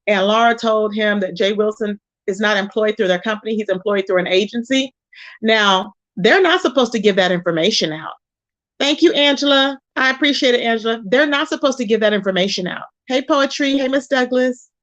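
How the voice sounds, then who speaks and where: A woman's voice: fairly high pitch, fairly quick, a bit bright, lo-fi sound. A woman hosting a casual livestream, talking to her chat. She greets viewers by name, calls them baby, and repeats herself in disbelief to stress a point. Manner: exclaims in disbelief, repeats phrases for emphasis. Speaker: livestream host.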